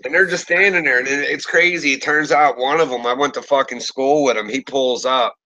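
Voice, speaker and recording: A man's voice: medium pitch, a little fast, sharp tone, rough recording. A man, telling a story in casual, profane talk and acting out what people said. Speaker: podcast host.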